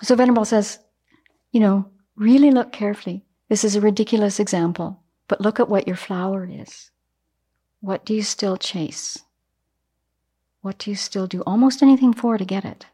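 A woman teaching Buddhism in a dharma talk, animated and acting out everyday examples. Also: medium pitch, normal speed, breathy edge.

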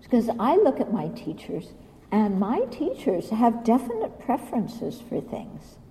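Slow, blunt woman teaching in a hall. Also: a little high, huge pitch swings, warm tone, a little hiss or hum. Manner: blunt, questioning, acts out quotes. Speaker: Buddhist teacher. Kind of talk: dharma talk.

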